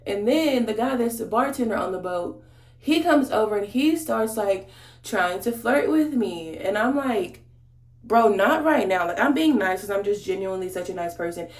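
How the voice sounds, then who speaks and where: A woman's voice: mid-range voice, expressive, normal speed. A woman chats through a storytime while doing her makeup, slangy and familiar as she talks to her viewers. Her voice sits in a middle register. The room around her gives it a roomy echo. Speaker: beauty vlogger. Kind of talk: casual storytime chat during a makeup tutorial.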